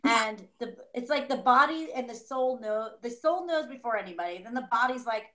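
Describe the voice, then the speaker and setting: A woman's voice: on the high side, lively intonation, moderate pace, few pauses, a bit bright. A woman co-hosting a weekly tarot reading, talking casually and animatedly, acting out little inner voices and laughing often. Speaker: tarot reader co-host. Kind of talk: casual spiritual reading chat.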